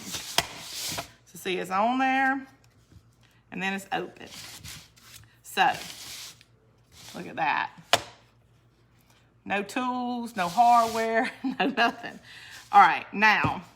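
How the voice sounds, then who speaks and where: A woman's voice: mid-range voice, a bit bright, slight background noise. A woman hosting a casual crafting livestream. She chats to her viewers, laughs often and answers their comments as she works. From northern United States. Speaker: crafting channel host.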